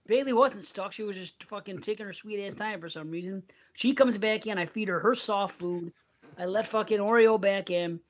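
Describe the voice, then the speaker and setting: A man's voice: sits high, moderate pace. A middle-aged man co-hosting a podcast, telling a long, profane, rambling story in casual chat. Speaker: podcast co-host. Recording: dull lo-fi sound.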